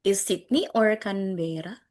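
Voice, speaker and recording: A woman's voice: mid-range voice, a little slow, a little mellow. A woman with an Indonesian accent teaching an English class, chatty, quizzing her students and dropping in Indonesian words. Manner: chatty, mixes in Indonesian words, laughs often. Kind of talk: online class questioning students.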